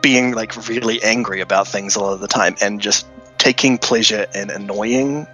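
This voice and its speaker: A man co-hosting a podcast in casual chat, talking haltingly with frequent stumbles and restarts. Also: on the low side, steady tone, pushed and bright, soft background music, low-quality recording. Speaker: podcast co-host.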